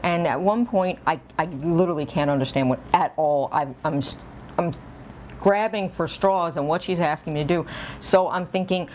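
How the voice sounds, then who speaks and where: A woman's voice: on the low side, normal speed, a little mellow, a little hiss or hum. A woman vlogger telling a personal story in a casual, rambling, self-deprecating way, with little chuckles.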